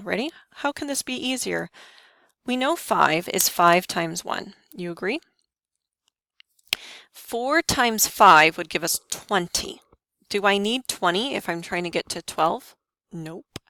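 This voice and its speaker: A woman's voice: mid-range voice, fairly bright tone, no echo. Woman teaching math, dry close sound. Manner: talks students through each step with quick questions. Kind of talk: lesson walkthrough.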